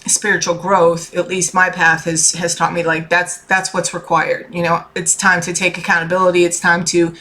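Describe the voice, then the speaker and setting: A woman's voice: fairly low pitch, flat delivery, normal speed, hardly any pauses, sharp tone. A woman, a tarot reader and life coach, giving a chatty, earnest motivational talk to her viewers. She keeps checking in with "okay?" and swears casually. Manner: earnest and heartfelt.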